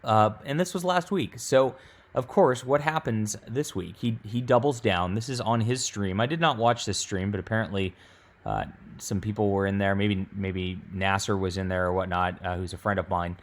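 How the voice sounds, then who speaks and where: A man's voice: fairly low pitch, normal speed. A man with a casual vlog delivery, exasperated and mocking, full of fillers and restarts. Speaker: YouTube commentator.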